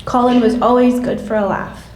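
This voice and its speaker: A woman in her late thirties reading a prepared memorial tribute in a measured, gentle way. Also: on the high side, steady tone, a little hiss or hum. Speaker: classmate giving a memorial tribute. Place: church hall. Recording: echoey hall from a distance.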